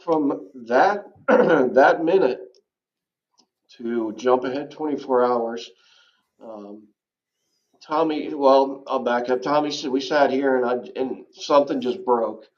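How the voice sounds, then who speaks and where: A man being interviewed, telling a personal recovery story in a halting, earnest way with frequent throat clearing. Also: medium pitch, highs cut off. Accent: Southern American. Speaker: interview guest. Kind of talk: candid personal testimony.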